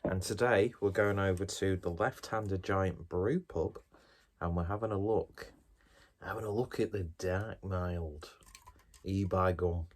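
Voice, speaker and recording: A man chatting casually and wryly as he reviews a beer, dropping the odd swear word. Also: low-pitched. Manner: chatty and wry, with off-the-cuff swearing.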